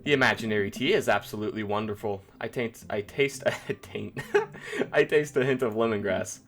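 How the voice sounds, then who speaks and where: A man's voice: on the low side, normal speed, a bit bright. A man voicing a laid-back, goofy dad as the player character in a dating game, easygoing and jokey.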